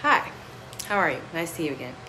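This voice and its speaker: Young woman, casual vlog chatter, fairly low voice, excitable, laughs a lot, indoors on a phone camera. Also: quick pace, noisy background. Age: 20s. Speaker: vlogger. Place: rented house, indoors.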